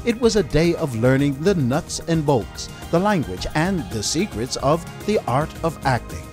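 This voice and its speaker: A man reads scripted documentary narration in a measured, announcer-like voice. His pitch sits a little high for a man and moves a lot from phrase to phrase. Music plays clearly beneath him. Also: sing-song.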